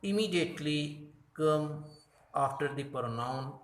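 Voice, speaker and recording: Male English teacher, very slow and careful, catches his own mistakes, roomy echo. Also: on the high side, animated. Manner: slow and deliberate, corrects his own slips. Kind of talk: grammar lesson explaining slides.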